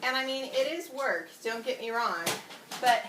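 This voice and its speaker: Indoors at home, a woman reviews a product on video, rambling casually with many ums and getting breathless as she moves. Her fairly high voice is expressive and moderately paced. The camera sits away from her, so the audio is distant, echoey, and noisy.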